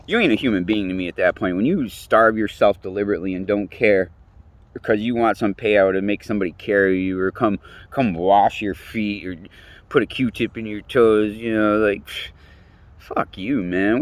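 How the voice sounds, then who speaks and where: A man's voice: on the low side, normal speed, no echo. A man rambling in a casual monologue, swearing constantly, chuckling mid-sentence and restarting his words.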